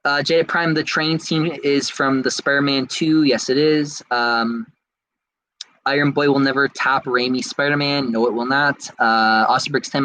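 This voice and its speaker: A man hosting a podcast, reading out viewer comments in casual chat and answering them in an excitable, rambling way. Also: mid-range voice, rough recording. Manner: excitable and rambling, with frequent restarts. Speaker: podcast host.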